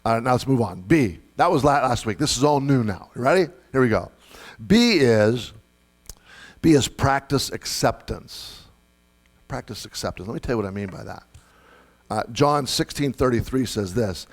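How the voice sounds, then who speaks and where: A man's voice: medium pitch, expressive, moderate pace. A middle-aged man delivering a sermon as pastor, conversational, repeating key phrases and putting questions to the congregation.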